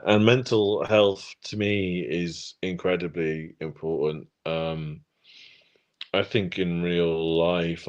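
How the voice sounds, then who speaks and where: A man talking as a guest musician in a casual interview, hesitant with many ums and restarts. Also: rumbling low.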